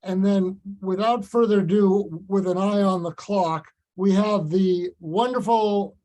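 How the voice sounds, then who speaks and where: Man, meeting chair, high-pitched, measured and halting, video-call audio. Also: warm tone, low-quality recording. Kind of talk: virtual meeting remarks.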